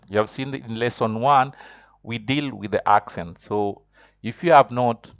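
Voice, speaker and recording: A man's voice: lowish voice, no echo, highs cut off. A man teaching a beginners' French lesson online, explaining step by step and repeating himself often.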